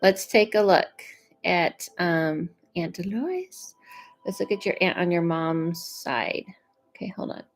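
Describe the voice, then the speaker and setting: A woman giving live psychic readings to viewers, chatty and unhurried with frequent fillers. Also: fairly low pitch, animated, rough recording. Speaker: psychic medium.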